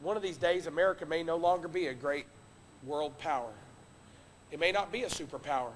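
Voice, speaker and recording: A man preaching a sermon from the pulpit, impassioned, swinging between loud exhortation and hushed earnest tones. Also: on the high side, a little fast, slight background noise. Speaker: pastor. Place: church sanctuary. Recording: long reverb of a church hall.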